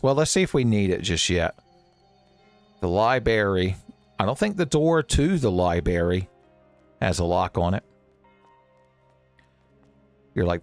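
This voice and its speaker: Man hosting a let's play; quick jokes, sudden high yelps, clean dry mic. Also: dry recording. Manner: jokey, swings into high excited yelps. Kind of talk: playful gameplay commentary.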